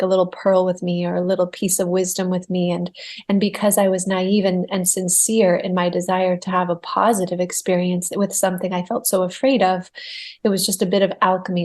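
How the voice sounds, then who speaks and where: A woman guest telling her spiritual birth story in a podcast interview. She speaks earnestly and reflectively, and grows animated when she relives her fear. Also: lowish voice. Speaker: guest medium.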